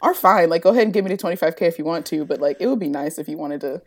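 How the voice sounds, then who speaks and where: A woman's voice: on the low side, very fast. A woman chatting casually as a podcast guest, playful and self-deprecating, often laughing. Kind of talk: casual interview chat.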